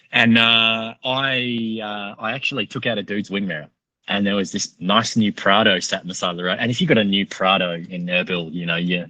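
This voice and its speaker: Profane, bright-voiced Australian man. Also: lowish voice, no echo, poor audio. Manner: profane, animated storyteller. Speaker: podcast guest. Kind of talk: casual storytelling.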